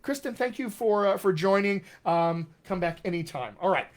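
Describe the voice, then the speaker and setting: Here a middle-aged man with a high voice speaks at a moderate pace. As a dialect coach running a live online question session, he addresses viewers directly with upbeat encouragement.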